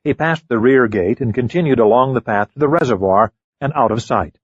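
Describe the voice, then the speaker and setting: A man reading a mystery audiobook in measured, scripted narration. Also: mid-range voice, breathy edge, no echo, muffled recording.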